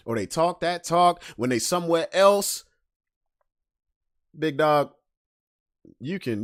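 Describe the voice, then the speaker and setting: A man hosting a casual solo podcast and reacting to memes. He talks bluntly and profanely, swinging between loud emphasis and low asides. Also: no echo, studio quality. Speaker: podcast host.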